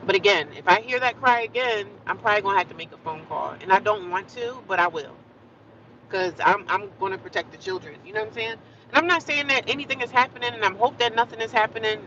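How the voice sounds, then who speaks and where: A woman's voice: mid-range voice, sharp tone, muffled recording, a little hiss or hum. A woman vlogging in a casual, rambling monologue, earnest and repetitive, with frequent asides to the viewer.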